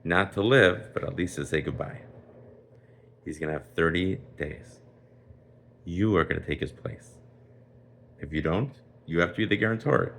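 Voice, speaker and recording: A man's voice: low-pitched, moderate pace, pauses often, a bit bright, slight background noise. A man voicing a stern, cruel king who threatens and then scoffs in disbelief.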